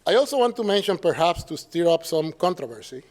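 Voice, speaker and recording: A man's voice: fairly high pitch, very animated, a little fast, a little mellow. A man from Puerto Rico with a Puerto Rican Spanish accent, giving an academic lecture at a symposium in a conversational way, often tagging his points with questions and acting out quoted dialogue. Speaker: professor giving a symposium talk.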